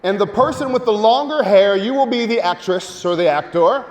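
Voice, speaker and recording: A man giving a lively marketing seminar to a live audience, joking and urging the crowd to take part. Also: high-pitched, normal speed. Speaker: speaker at a marketing event. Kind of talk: energetic live seminar talk. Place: large hall with audience. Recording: long hall reverb.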